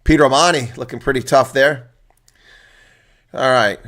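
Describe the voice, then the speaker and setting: A man's voice: medium pitch, steady tone, normal speed, fairly bright tone. A man hosting live rugby reaction commentary, reading out team lineups and chatting bluntly with viewers. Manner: chatty, blunt, exclaims often.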